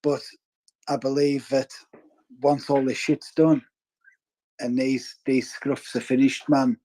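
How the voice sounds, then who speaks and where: A man's voice: mid-range voice, little pitch movement, slow, warm tone, poor audio. Blunt Cumbrian man. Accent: Cumbrian English. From northwest England. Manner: blunt and earnest, swears casually. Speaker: caller in a live audio space. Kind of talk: casual chat.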